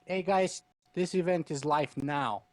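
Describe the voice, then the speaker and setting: A man's voice: on the high side, measured pace, no echo. A man who hosts his own podcast, a guest here, chatting casually and giving encouraging advice. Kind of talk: casual chat.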